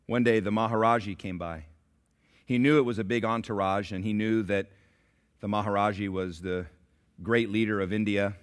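A man preaching a sermon in a church, telling a story dramatically and swinging from hushed to loud. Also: fairly low pitch, fairly even intonation, normal speed, smooth. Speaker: pastor. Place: church sanctuary.

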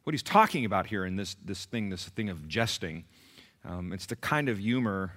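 A man preaching a sermon as pastor, emphatic and animated, with many rhetorical questions. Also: low voice, moderate pace.

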